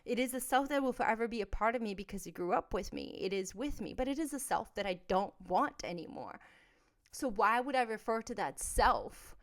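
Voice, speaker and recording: Woman podcast host, mid-pitched, blunt, confessional storyteller. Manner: candid, blunt, emphatic, swings between soft and loud. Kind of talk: personal storytelling monologue.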